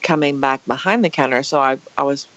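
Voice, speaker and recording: A woman's voice: extremely low pitch, brisk. Dramatic woman telling a spooky story. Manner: dramatic, animated retelling with acted quotes. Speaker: podcast guest. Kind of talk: casual storytelling. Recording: dull lo-fi podcast audio.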